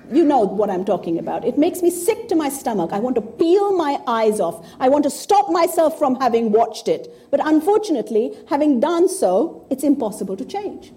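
A woman's voice: high voice, warm tone. A woman in her fifties giving an informal talk to an audience, blunt, profane and sarcastic. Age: 50s. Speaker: speaker addressing an audience.

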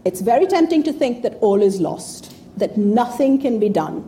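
A woman's voice: a little high, big pitch swings, normal speed, mellow, a little hiss or hum. A woman in her fifties giving an informal talk to an audience, blunt, profane and sarcastic. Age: 50s. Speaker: speaker addressing an audience.

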